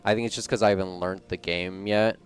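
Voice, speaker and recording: A man with a low, smooth, resonant voice co-casts a live esports match. He talks in dry, deadpan asides, rambling a little, over faint music. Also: brisk. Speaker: esports co-caster.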